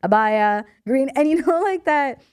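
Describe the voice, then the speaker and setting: Animated young woman telling a funny story. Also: high-pitched, unhurried, dry recording, studio quality. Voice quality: animated storyteller, mimics voices, laughs often. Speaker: podcast co-host. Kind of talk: casual chat. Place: podcast studio.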